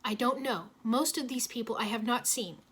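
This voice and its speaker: A woman voicing a stern, wry older male mentor who speaks in measured pronouncements. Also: a little high, a bit bright, breathy edge.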